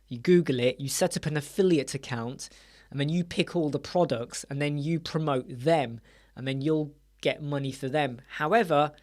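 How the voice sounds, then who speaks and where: A man in his forties hosting a casual live chat, rambling and joking, often breaking off mid-thought. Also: fairly high pitch. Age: 40s. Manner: rambling, jokey, self-interrupting. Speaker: web design livestream host.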